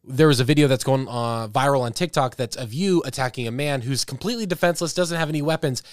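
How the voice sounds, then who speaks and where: A man improvising a pushy, upbeat publicist for bears, coaxing in a pleading sales-pitch tone. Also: fast, no room sound, studio quality, close to an everyday voice. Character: fussy male bear team publicist, pushy and upbeat.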